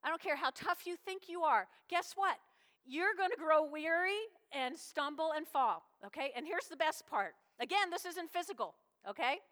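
A woman preaches in a high, bright voice that carries a sharp edge. Her delivery is animated and folksy, and she often drops into short acted-out voices. The sound rings with the long reverb of a large hall. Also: moderate pace. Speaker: pastor. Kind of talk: sermon.

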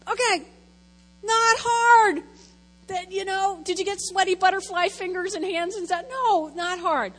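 A woman's voice: very high voice, measured pace, fairly bright tone, in a large hall, faint music behind, poor audio. A woman, a lay speaker, giving a chatty, rambling, self-deprecating testimony talk at church.

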